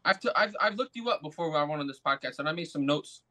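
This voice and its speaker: A man's voice: on the high side, lively intonation, fast, pushed and bright, slight background noise. A man as a podcast guest, joking and a bit hesitant, often saying bro. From USA. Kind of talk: casual sports chat.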